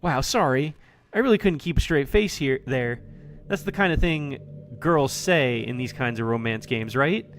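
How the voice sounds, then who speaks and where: A man's voice: medium pitch, expressive, moderate pace, a little hiss or hum, natural voice. A man reading aloud a cheerful young female club president from a visual novel, in a playful, teasing way.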